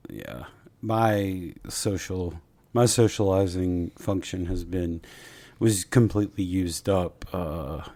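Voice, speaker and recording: Deep-voiced laid-back man. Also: slow pace, dark tone. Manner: laid-back, agreeable, short replies. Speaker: podcast co-host. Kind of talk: casual chat.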